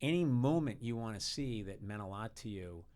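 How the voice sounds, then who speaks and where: A man's voice: on the low side, animated, moderate pace, darkish tone. A man in his sixties, a podcast guest, chatting casually and telling anecdotes, sometimes acting out other people's lines. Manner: storytelling, acts out voices of family and others. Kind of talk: casual interview chat.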